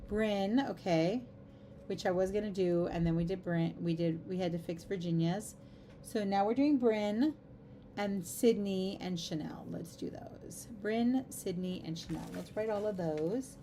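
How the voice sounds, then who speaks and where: Mellow-voiced woman chatting while crafting. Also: mid-range voice, unhurried, a little hiss or hum. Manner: chatty and giggly, rambling asides. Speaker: livestream craft host. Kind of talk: casual chat while crafting.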